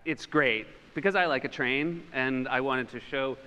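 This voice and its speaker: A man's voice: mid-range voice, unhurried, long reverb tail, slight background noise. A man, a comedian on a conference panel, telling stories in a casual onstage chat and laughing as he goes. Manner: animated, laughs through his stories. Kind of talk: casual onstage conversation, storytelling. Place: conference stage in a large hall.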